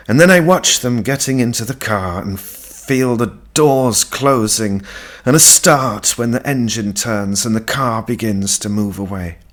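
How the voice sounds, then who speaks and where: A man narrating a literary audiobook in a measured, unhurried way. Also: medium pitch.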